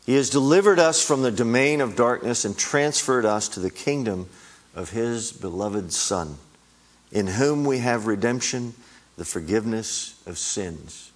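A man's voice: medium pitch, lively intonation, measured pace. A middle-aged man preaching a sermon, emphatic and climbing on repeated words.

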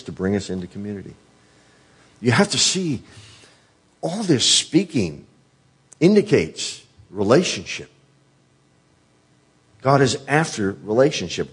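A man preaching a sermon earnestly, asking rhetorical questions and dropping softly on quoted words. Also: lowish voice, husky.

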